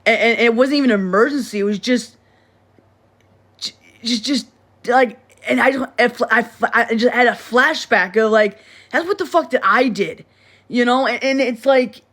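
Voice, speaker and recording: This livestream host is a woman whose voice sits on the high side, with a fairly bright tone and a moderate pace. Chatting on her phone, she wanders and circles back, keeps restarting, and curses bluntly and often.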